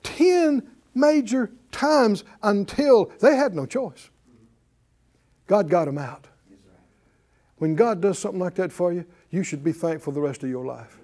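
A man preaching in a classroom style, his voice pitched high and swinging widely. He drives each point hard and keeps asking the class to answer back. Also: expressive, unhurried, long pauses, mellow. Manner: emphatic, calls for responses from the class. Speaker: Bible teacher.

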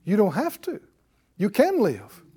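A middle-aged man preaching a sermon, calling out to his congregation and swinging between loud declarations and quiet asides. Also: high-pitched, huge pitch swings, unhurried, slightly rough. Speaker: pastor.

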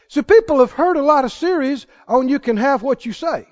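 A man preaching with a very high, lively voice that swoops and climbs to shouted peaks. He acts out quotes and reads scripture with dramatic weight. The sound is dull and lo-fi. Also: brisk, few pauses. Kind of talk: sermon.

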